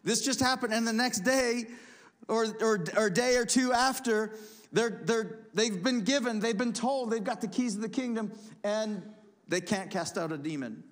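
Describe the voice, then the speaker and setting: A man preaching in a church, his voice sitting a little high for a man. He reads scripture aloud and then explains it, building to emphatic, animated peaks. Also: normal speed. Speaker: pastor. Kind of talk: sermon.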